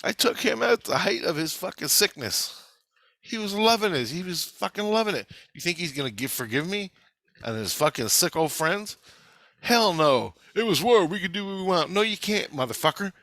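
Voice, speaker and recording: Forceful, profane man telling stories. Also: sits high, animated, normal speed, dry recording. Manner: profane, intense, rambling storytelling. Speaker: vlogger recounting past-life memories. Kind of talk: casual spoken monologue.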